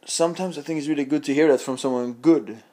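A man's voice: on the high side, fast talker, dark tone. A man from Sweden, a comedian guest, chatting casually and telling laughing anecdotes. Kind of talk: casual chat.

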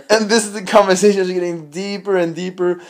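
Man, fairly high voice, from sweden, laughing casual chat. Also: fast. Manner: laughing, animated anecdotes.

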